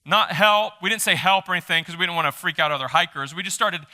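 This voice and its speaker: Male pastor preaching live in a church, animated and joking, very bright sharp voice, pitched a little high. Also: fast. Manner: animated, emphatic, joking with the congregation. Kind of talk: live sermon. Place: church sanctuary during a service.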